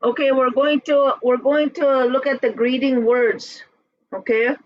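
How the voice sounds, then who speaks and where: Slow, halting online language teacher. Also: sits high, dry recording, lo-fi sound. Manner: relaxed, halting, many fillers. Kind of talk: online class instruction. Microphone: video call.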